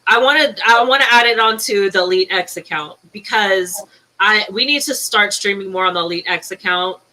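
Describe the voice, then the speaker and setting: A woman co-hosting a casual chat from her room at home over a video call, excitable and laughing often. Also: medium pitch, a little fast, rough recording. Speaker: co-host.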